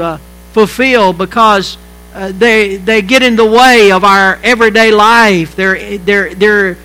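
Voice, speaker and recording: A man preaching a sermon as pastor, halting and repeating words, shifting between quiet stretches and emphatic lines. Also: sits high, rough recording.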